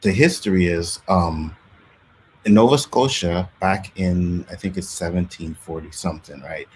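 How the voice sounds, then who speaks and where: Canadian man, very low voice, casual chat, acts out quotes, faint background noise. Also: a little slow, poor audio. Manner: animated storytelling, acts out quotes, laughs often. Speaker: podcast host.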